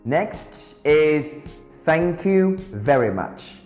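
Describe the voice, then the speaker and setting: A man teaching beginner English, speaking slowly and carefully and repeating each phrase for drilling. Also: fairly high pitch, expressive. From Vietnam. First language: Vietnamese. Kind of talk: beginner language lesson. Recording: roomy reverberant sound with soft guitar music.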